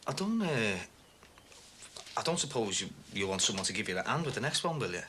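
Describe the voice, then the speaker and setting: A man's voice: lowish voice, sing-song, fairly quick. An actor playing a resentful, sarcastic man who grumbles about money. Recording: noisy TV broadcast sound.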